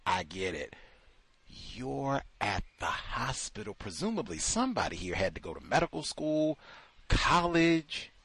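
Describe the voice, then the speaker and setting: A man's voice: mid-range voice, very animated, measured pace, fairly bright tone, breathy edge, dry recording. A man hosting a talk show, delivering sarcastic, incredulous commentary full of rhetorical questions. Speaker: host.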